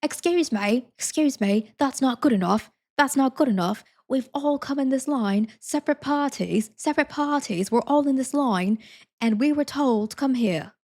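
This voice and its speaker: A man's voice: extremely high pitch, moderate pace, darkish tone, pitched above the performer's own voice. A woman voicing an indignant British man in a queue who insists on his point, in a put-on British accent. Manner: insistent, repeating himself.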